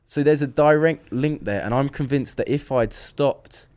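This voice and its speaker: A young man, a podcast guest, telling a long personal story in casual chat, animated and full of restarts. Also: mid-range voice, moderate pace, smooth.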